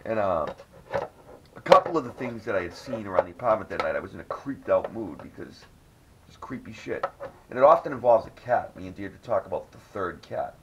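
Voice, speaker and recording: A man's voice: fairly low pitch, lively intonation, a little fast. A man hosting a casual podcast, telling a rambling, profanity-laced story. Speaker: podcast host. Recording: dull lo-fi audio with faint noise.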